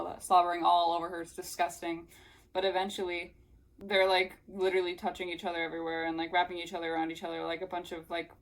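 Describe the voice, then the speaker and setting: A woman's voice: on the low side, fairly even intonation, brisk. A young woman recapping a novel in a casual, sarcastic way, mocking the scenes she reads aloud. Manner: sarcastic, mocking, breaks into acted voices. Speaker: book reviewer. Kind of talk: casual book recap with read-aloud passages.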